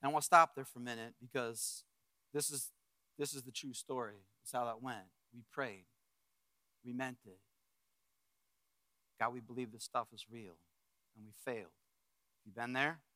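A middle-aged man preaching as a pastor, telling a story with acted-out quotes and swings from loud bursts to hushed reflection. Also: mid-range voice, fairly even intonation, moderate pace, pauses often, dry recording. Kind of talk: sermon storytelling.

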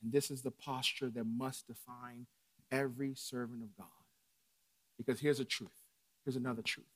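A man preaching a sermon from the pulpit, dropping to hushed lines and climbing to shouts. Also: mid-range voice, level tone, moderate pace, pauses often. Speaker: pastor. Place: church sanctuary.

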